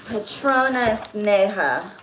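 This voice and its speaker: Her voice sits at medium pitch and moves slowly, captured on a rough recording with packaging crinkling in the background. She's a spiritual reader who does client readings, here gushing chattily through a gift-unboxing vlog and letting out squeals of excitement.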